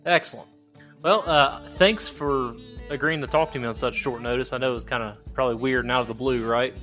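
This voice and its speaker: A man's voice: mid-range voice, fairly quick, a bit bright. Podcast host, male, Southern Ohio accent, chatty and easygoing, faint music behind. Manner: friendly, laughs often, chatty. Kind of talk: casual podcast interview.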